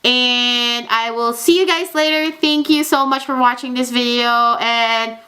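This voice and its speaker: A woman's voice: on the high side, unhurried, bright, forceful tone, clean tone. A young woman chatting in a casual book review vlog, gushing and chatty with lots of fillers.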